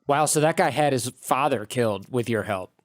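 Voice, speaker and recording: A man's voice: medium pitch, moderate pace, dry recording, studio quality. A man interviewing a guest, mostly reacting briefly and asking prompting questions.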